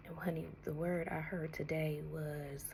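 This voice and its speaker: A woman giving a spiritual tarot message, speaking slowly and soothingly, often dropping to a breathy whisper and calling the listener honey, sounding emotional and close to tears. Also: sits low, flat delivery, darkish tone, slight background noise. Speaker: tarot reader.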